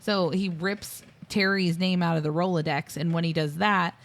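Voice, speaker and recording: Woman, podcast co-host, casual film recap, lowish voice, rambling with fillers. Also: steady tone, normal speed. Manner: retells scenes at length with many fillers. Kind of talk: casual film review chat.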